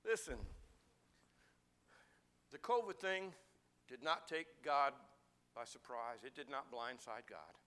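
A middle-aged man preaching a sermon as pastor, building to emphatic declarations and dropping to soft, hushed asides. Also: mid-range voice, big pitch swings, slow pace, long pauses.

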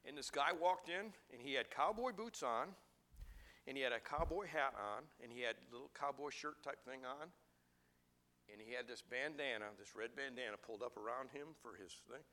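A middle-aged man preaching a sermon as pastor, building to emphatic declarations and dropping to soft, hushed asides. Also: mid-range voice, normal speed.

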